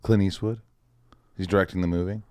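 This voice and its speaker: A man's voice: low voice, fairly quick, no room sound. A man in his forties, raised in the Midwest, telling show-business stories in a casual chat and acting out other people's lines. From Indiana, US Midwest. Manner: animated storyteller, acts out quotes of others. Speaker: podcast guest, actor.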